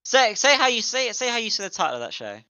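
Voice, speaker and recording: A British man co-streaming, teasing and laughing often, with halting restarts. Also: very high-pitched, big pitch swings, sharp tone, clear, resonant tone, no room sound. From Britain. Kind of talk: casual livestream chat.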